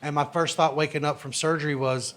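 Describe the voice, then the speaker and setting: A man's voice: fairly high pitch, fairly even intonation, brisk, a bit bright. A young man doing a stand-up set, telling a story with brash, profane punchlines. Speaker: stand-up comedian.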